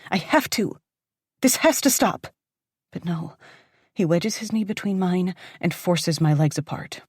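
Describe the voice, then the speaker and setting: A woman narrating a dark romance audiobook in the first person, intense and dramatic, often dropping to a whisper. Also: on the low side, expressive, measured pace, breathy edge, no echo, clean studio sound.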